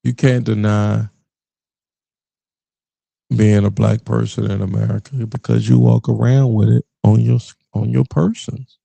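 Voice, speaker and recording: Man, podcast host, slow and gravelly, dry close sound, blunt profane rant. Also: lowish voice, dry recording. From Richmond, Virginia area. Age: middle-aged. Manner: blunt, profane, animated rants with laughs. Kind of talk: casual monologue.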